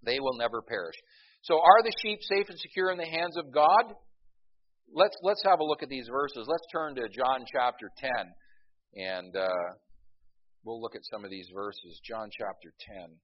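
Husky male preacher teaching from the pulpit. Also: mid-range voice, lively intonation, normal speed. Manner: asks the room questions and answers them, rising for emphasis. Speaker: preacher teaching a Bible class. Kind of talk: sermon. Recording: dull lo-fi recording.

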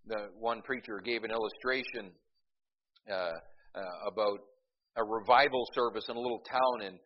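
A man preaching a sermon as pastor. He swings from quiet asides to loud, emphatic peaks and often restarts his words. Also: lowish voice, fairly even intonation, moderate pace, muffled recording.

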